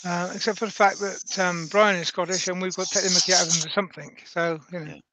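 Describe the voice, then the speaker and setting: A man co-hosting a livestream, reading viewer comments aloud with wry, deadpan asides. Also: high voice, fast talker, dry recording, rough recording.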